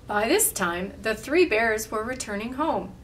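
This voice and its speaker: A woman reading a storybook aloud with animated, expressive delivery, then leading a simple craft. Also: a little high, a little slow, recorded from a distance, noisy background.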